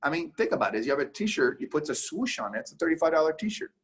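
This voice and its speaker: A man from Canada talks as a guest on a business podcast, in a husky, slightly rough voice. He speaks emphatically and keeps acting out conversations, switching quickly between voices. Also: fairly high pitch, sing-song. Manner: emphatic, acts out conversations in quick back-and-forth. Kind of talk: casual podcast interview.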